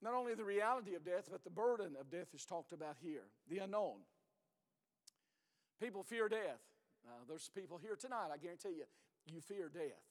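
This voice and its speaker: A middle-aged man preaching a sermon as pastor, earnest and hoarse, often sinking to a low, intense voice and repeating his words. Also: lively intonation, moderate pace, long reverb tail.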